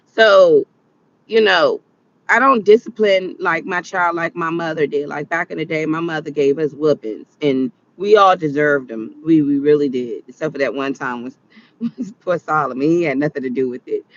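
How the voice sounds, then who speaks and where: With a low-sitting voice at normal speed and the highs cut off, a woman vlogger in her late thirties shares casual stories. She laughs a lot and performs what people said.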